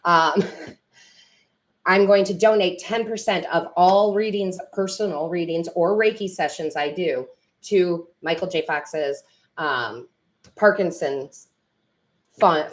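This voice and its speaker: A woman tarot reader and medium chatting with viewers on a live stream, rambling and correcting herself, teary and emotional. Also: low-pitched.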